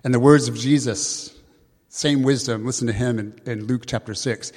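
A man preaching a sermon in an earnest, conversational way, slowing down to read scripture aloud. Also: medium pitch, steady tone, darkish tone. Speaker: pastor. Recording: long hall reverb.

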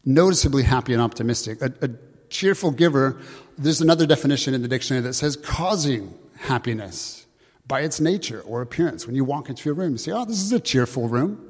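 A man preaching a sermon in an earnest, conversational way, slowing down to read scripture aloud. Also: medium pitch. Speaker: pastor. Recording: long hall reverb.

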